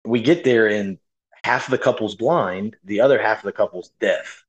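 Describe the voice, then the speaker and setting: A man's voice: lowish voice, normal speed, lo-fi sound. A man in a casual chat, telling a story about himself with a laughing, self-mocking manner. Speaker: paramedic guest.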